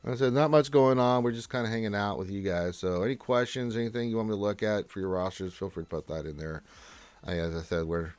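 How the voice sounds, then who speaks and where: A man's voice: lowish voice, steady tone, fast, darkish tone, clear, resonant tone, dry recording, faint music behind. A man hosting a gaming livestream, casually reading viewer messages aloud and answering them in a laid-back way. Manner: laid-back, reads chat aloud in a lifted voice. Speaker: livestream host reading chat.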